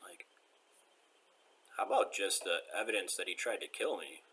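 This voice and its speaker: A man's voice: sits low, expressive, moderate pace, pushed and bright, a little hiss or hum. An upset man venting in a personal vlog rant, agitated, rambling and repeating himself.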